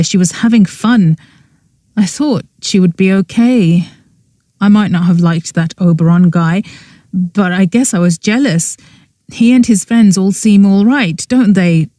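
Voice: mid-range voice, measured pace, dark tone, no room sound, studio quality, lightly acted. An audiobook narrator voicing a grieving young man who talks bitterly and in shock about a lost girlfriend. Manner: upset, bitter. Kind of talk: audiobook character voice.

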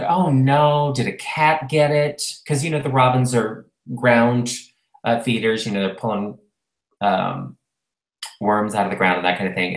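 A man co-hosting a casual talk show, chatting and rambling with lots of fillers. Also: on the low side. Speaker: podcast co-host. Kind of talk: casual chat. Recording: roomy echo.

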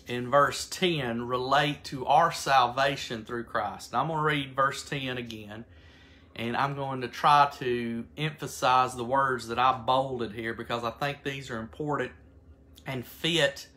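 A man leading a Bible study, reading scripture aloud with slow, earnest emphasis and explaining his notes with restarts. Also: mid-range voice, sharp tone.

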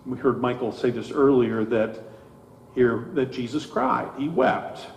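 A man preaching a sermon as pastor, slow and deliberate, with emphatic rises in his delivery. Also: mid-range voice, steady tone, slight background noise. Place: church sanctuary. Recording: echoey church hall.

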